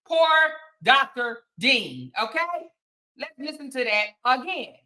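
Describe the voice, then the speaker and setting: A woman hosting a reaction commentary, talking in a sassy, emphatic, animated way. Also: high voice, slow pace, low-quality recording. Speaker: commentary host.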